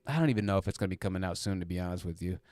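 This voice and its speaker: A man's voice: deep voice, very fast, no echo. Laid-back male streamer, dry close sound. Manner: relaxed, rambling explainer with frequent fillers. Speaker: live stream host. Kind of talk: casual live chat, reading viewer comments. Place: home room with hoodies hung up to absorb sound. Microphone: dynamic podcast mic through a preamp.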